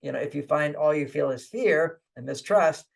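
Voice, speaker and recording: A man's voice: fairly high pitch, normal speed, vocal fry. A man, a guest author on an interview show, giving relationship advice in a conversational way, chuckling often and repeating his points with "okay". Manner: acts out inner voices in quotes.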